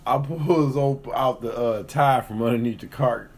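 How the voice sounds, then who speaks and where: A man's voice: medium pitch, unhurried, a little mellow, a little hiss or hum. A man in a casual podcast chat, telling profane stories and acting out the people he quotes. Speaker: co-host.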